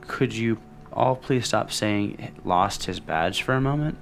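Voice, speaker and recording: Low gravelly-voiced man narrating gameplay. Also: lively intonation, slow, faint music behind. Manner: reads on-screen text aloud between offhand remarks. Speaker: let's play host. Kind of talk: casual gameplay commentary reading game dialogue aloud.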